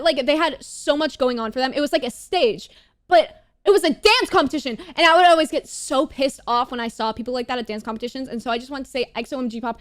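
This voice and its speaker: A woman's voice: high voice, no echo. A woman giving a casual, blunt commentary on a TV show, swearing often and saying "bro" between lines. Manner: animated, jumps into loud asides. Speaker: YouTuber reviewing a TV show.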